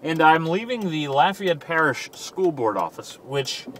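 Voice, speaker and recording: A man's voice: a little high, expressive, measured pace, a bit bright. A middle-aged man from southern Louisiana, a radio fill-in DJ, talking in a rambling, self-mocking way in a casual vlog while he drives. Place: inside a car. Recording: mic a bit distant, faint road noise.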